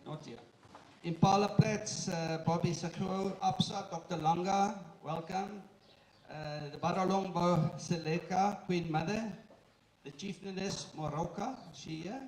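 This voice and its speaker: Man, high-pitched, chairman welcoming an audience, joking, halting; recorded from afar with faint noise. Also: darkish tone. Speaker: company chairman giving a welcome speech. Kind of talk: live event welcome speech. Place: indoor event room with an audience. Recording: echoey room, far from the mic, faint noise.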